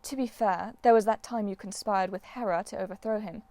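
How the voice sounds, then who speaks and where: Brief: woman reader as composed huntress goddess, cool and wry, mid-pitched. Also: a little fast, no echo, lightly acted. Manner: calm, dry, understated. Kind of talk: audiobook character voice.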